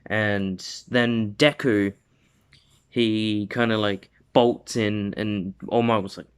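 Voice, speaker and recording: Slow, rambling male storyteller. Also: on the low side, fairly even intonation, clear, resonant tone. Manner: rambling, full of "like" and restarts. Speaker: video host. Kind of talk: casual fan-story retelling.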